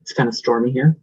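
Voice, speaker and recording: A man's voice: mid-range voice, warm tone, husky, lo-fi sound. A man vlogger chatting casually with viewers and greeting them. He rambles with lots of fillers and sometimes rolls his R's. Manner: rambling and affectionate, many fillers. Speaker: vlogger reading viewer comments. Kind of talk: casual chat.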